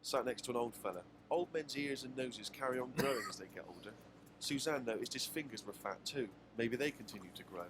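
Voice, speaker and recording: Deadpan Englishman reading his diary. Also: medium pitch, a little fast. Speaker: diary writer reading on a radio show. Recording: clip with clear background noise.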